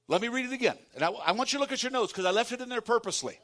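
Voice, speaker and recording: A man preaching a sermon as pastor, calling on the congregation to repeat lines after him and swinging from hushed tones to shouts. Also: high voice, sing-song, quick pace, long pauses. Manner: calls for congregation responses.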